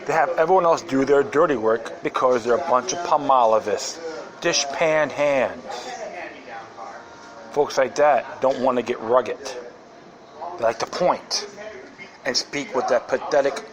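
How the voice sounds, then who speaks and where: A man's voice: medium pitch, measured pace, long pauses, a crowd in the background, rough recording. A man hosting a podcast, talking in a rambling, sarcastic casual monologue. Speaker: podcast host.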